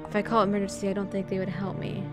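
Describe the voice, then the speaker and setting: A woman's voice: medium pitch, completely flat delivery, rapid-fire. A woman playing a horror adventure game, reading its text and dialogue aloud in her own voice and adding dry joking asides, on a studio mic. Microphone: studio condenser mic. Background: game music.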